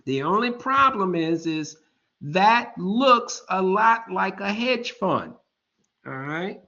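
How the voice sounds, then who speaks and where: A man in his fifties teaches an online class, taking his time over every point and regularly pausing to ask if students are following. His voice sits a little high, and he talks at a slow, unhurried pace. The audio is dull and lo-fi, as though captured through a computer mic. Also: vocal fry, bright, forceful tone. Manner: slow, deliberate explaining, keeps checking in with "all right?"; informal and joking asides. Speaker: lecturer. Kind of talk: online lecture.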